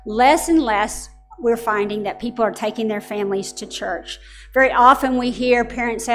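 A woman's voice: a little high, normal speed, a bit bright. Woman preaching with faint music. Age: middle-aged. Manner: storytelling, earnest and direct. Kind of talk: sermon.

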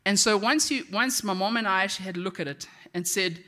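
A woman delivers a devotional message in a relaxed, conversational way. Her voice is bright and forward. She tells personal stories with friendly asides to her listeners. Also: mid-range voice, fast talker. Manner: chatty storytelling with frequent "okay?" asides. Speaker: devotional speaker.

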